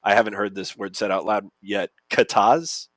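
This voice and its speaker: A man's voice: on the low side, moderate pace, a bit bright, no room sound. A man co-hosting a podcast who talks through game rules in a casual, methodical way with plenty of fillers. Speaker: podcast co-host. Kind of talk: casual explanatory chat.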